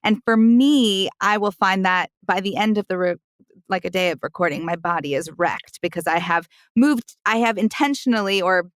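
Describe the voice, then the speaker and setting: A woman hosting a roundtable podcast and reflecting on her work in a relaxed, explanatory way. The sound is dry and close, with no room around her. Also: mid-range voice, normal speed, dry recording. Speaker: podcast host. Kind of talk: casual roundtable discussion. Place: recording booth.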